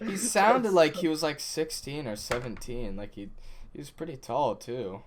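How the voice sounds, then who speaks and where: A young man hosting a podcast, chatting casually with friends and telling stories animatedly, acting out the shouts and quoted lines. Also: mid-range voice, lively intonation, normal speed, crowd noise. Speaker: podcast host.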